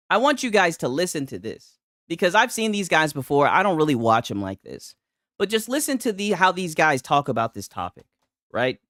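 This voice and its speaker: Animated, mocking young man. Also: on the high side, moderate pace, no room sound, studio quality. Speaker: gaming commentary host. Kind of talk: reaction commentary.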